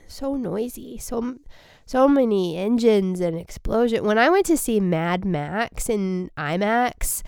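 A woman's voice: medium pitch, clean tone, dry recording, studio quality. A young adult woman comedian hosting her own podcast, chatting casually in a rambling, self-deprecating way with frequent restarts. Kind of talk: casual solo podcast chat.

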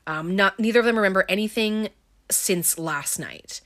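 A woman's voice: medium pitch, normal speed, fairly bright tone. A woman casually recapping a movie plot, chatty and filled with ums and likes, with wry offhand asides. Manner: chatty, heavy on filler words.

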